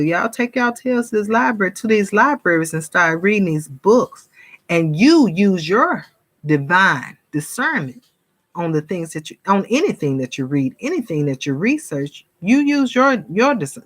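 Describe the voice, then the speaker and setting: Fervent woman preaching to y'all. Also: fairly low pitch. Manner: fervent, addresses viewers as y'all, mimics gossip. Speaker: spiritual vlogger. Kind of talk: casual preaching monologue to viewers.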